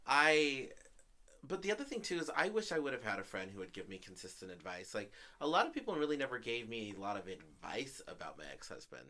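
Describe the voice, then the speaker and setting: A man's voice: medium pitch, big pitch swings, brisk, pushed and bright. A man co-hosting a podcast in casual chat, venting animatedly and laughing often. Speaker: podcast co-host.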